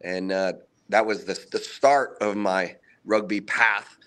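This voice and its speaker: A man in his thirties from near Boston with a mixed Boston accent, a rugby coach talking casually in an interview, humble and halting with many fillers. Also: fairly low pitch, fairly even intonation, a bit bright, clear, resonant tone. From Massachusetts, south of Boston. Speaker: assistant rugby coach, guest.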